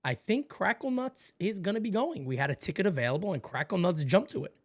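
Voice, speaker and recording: Animated man hosting a sports podcast. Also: fast talker, husky. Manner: animated storyteller, acts out high squeaky voices; laughs often, joking. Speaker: podcast host. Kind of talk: casual sports podcast chat.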